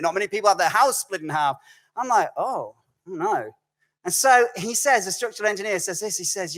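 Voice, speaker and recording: A man preaching as a guest speaker in a recorded video message, telling stories in a conversational, animated way and often correcting himself mid-sentence. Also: sits high, a little fast. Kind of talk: storytelling sermon.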